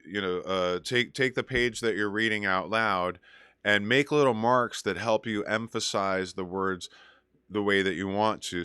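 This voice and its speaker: A man's voice: on the low side, pushed and bright, smooth, dry recording, studio quality. A man hosting a casual music show, giving advice and telling stories in a rambling way with lots of fillers. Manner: rambling, many fillers and restarts. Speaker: DJ and show host. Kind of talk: casual chat advice and storytelling.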